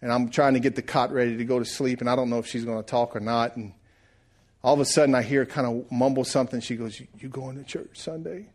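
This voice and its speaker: A middle-aged man preaching a sermon, rising loud and then dropping to a hush. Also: mid-range voice, flat delivery, fast talker. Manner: preaching, swells loud then drops to hushed. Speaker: pastor.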